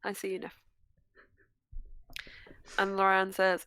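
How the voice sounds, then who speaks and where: Woman game master, bright crisp voice, dry close sound, chatty, laughing. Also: a little high, moderate pace, no echo. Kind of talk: narrating a tabletop game.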